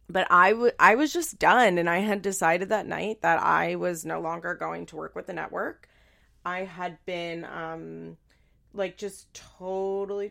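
Young woman, podcaster, casual storytelling, lots of "like", gravelly low voice. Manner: chatty, fillers of "like", animated retelling. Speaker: podcast host.

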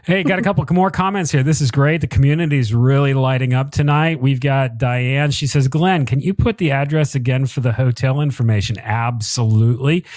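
A man's voice: medium pitch, fairly quick, hardly any pauses, darkish tone, no echo. A man hosting a livestream interview, chatty and self-deprecating as he reads out viewer comments. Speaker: livestream host.

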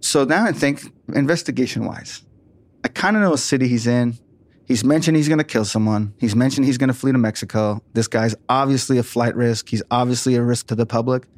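Male podcast storyteller, animated, acts out quotes, dry close mic. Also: medium pitch, brisk, no room sound. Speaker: former police detective recounting a case.

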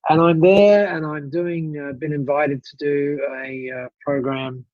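Male guest storyteller, husky, fairly high voice, dull muffled recording. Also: measured pace, no echo. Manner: animated storyteller, many restarts and asides. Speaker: guest speaker. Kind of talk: telling an anecdote in conversation.

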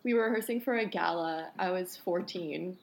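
A woman's voice: on the low side, moderate pace, creaky, rough recording. A young adult woman telling stories animatedly in a casual podcast chat, with heavy use of "like". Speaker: podcast co-host and ballet dancer.

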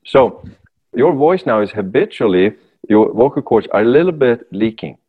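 A man talking as a voice coach in a podcast conversation, explaining with animated, lively demonstrations. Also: mid-range voice, normal speed, narrow, tinny audio.

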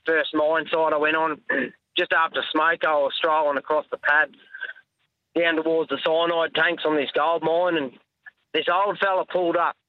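An Australian man in his thirties tells a yarn over the phone in a relaxed, sweary way. His voice sits a little high. The line is dry and muffled. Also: moderate pace, no room sound. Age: 30s. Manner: laid-back storytelling, swears freely. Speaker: caller. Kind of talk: phoned-in voice message. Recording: dull-sounding phone line.

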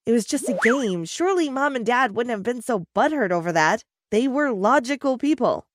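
A woman narrating an animated story in a chatty manner, speaking to the viewer. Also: on the high side, normal speed, few pauses, no room sound, studio quality.

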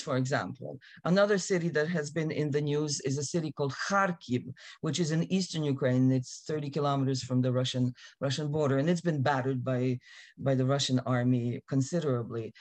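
A woman speaking as a guest expert in an interview, explaining carefully and emphatically, with a slightly irate edge. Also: sits low. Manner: emphatic, precise about pronunciation, slightly irate.

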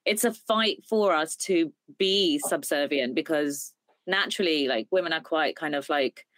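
Low-voiced woman guest, dry sound. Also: unhurried, a bit bright, no room sound. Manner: filler-heavy, thoughtful, lots of "like". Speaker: podcast guest. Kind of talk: casual chat.

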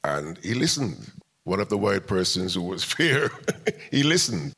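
An older man with a very low, deep voice talks as an interview guest. He tells a long story step by step and acts out what people said along the way. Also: big pitch swings, moderate pace, vocal fry, a bit bright, slightly rough. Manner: recounts events step by step, acting out quoted dialogue. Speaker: music promoter and interview guest.

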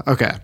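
A man co-hosting a podcast in casual chat, telling a playful story and laughing often. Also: a bit bright. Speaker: podcast co-host.

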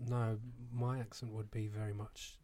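A man's voice: fairly low pitch, little pitch movement, normal speed, dark tone. A man with a southern English accent, rambling and giggling as he chats on a casual podcast. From southern England. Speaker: podcast co-host.

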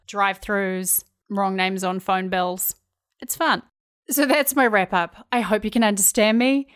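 A woman's voice: medium pitch, fairly even intonation, a little slow, smooth. Chatty New Zealand woman podcaster. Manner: chatty, self-deprecating, laughs at herself. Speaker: podcast host. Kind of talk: casual solo podcast monologue.

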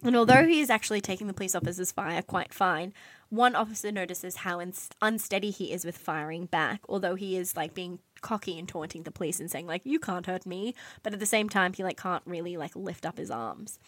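A woman telling a dramatic story in casual podcast chat, animated, swearing and filling her talk with "like". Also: fairly low pitch, brisk, no echo. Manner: animated, swearing, many "like" fillers. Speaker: podcast co-host telling a true crime story.

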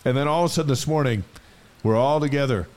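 Relaxed male co-host in sports chat. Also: mid-range voice, fast. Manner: relaxed, reads out the day's dates and notes.

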